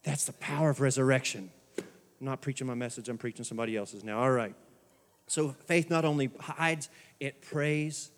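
A pastor preaching a sermon in a church, moving from soft, quiet asides to shouted exhortations. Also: male voice, mid-range voice, moderate pace, in a large hall. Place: church sanctuary.

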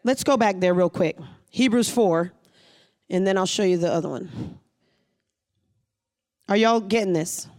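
A pastor preaching a sermon, reading scripture aloud and pausing to explain it, driving points home with repeated phrases. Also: mid-range voice, a little mellow.

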